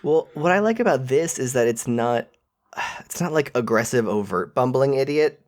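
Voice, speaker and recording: A man's voice: medium pitch, lively intonation, normal speed. A man co-hosting a podcast, chatting about a film with wry joking asides. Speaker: podcast co-host. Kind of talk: casual movie recap chat.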